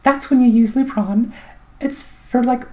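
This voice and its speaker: Chatty middle-aged woman, mellow voice. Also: a little high, unhurried. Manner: chatty, rambling, wry, many fillers. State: throat clogged, clearing it often. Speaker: vlogger. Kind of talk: casual personal update.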